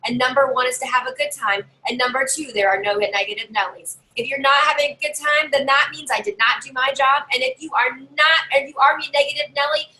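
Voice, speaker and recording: A woman's voice: sits high, fairly even intonation, a little fast, hardly any pauses, bright, forceful tone, low-quality recording. A woman home party sales consultant giving casual, chatty tips to fellow sellers and acting out what her customers say.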